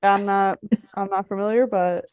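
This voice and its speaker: A woman's voice: medium pitch, steady tone, moderate pace, darkish tone, clean tone, no room sound, dull audio. A woman co-hosting a podcast in casual chat, thoughtful and reflective as she explains ideas. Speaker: podcast co-host.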